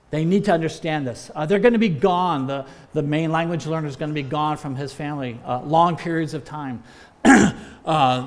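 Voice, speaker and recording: A man with a fairly high speaking voice delivers an emphatic training talk as a former missions pastor. He exhorts his listeners and pads his phrases with frequent "uh"s.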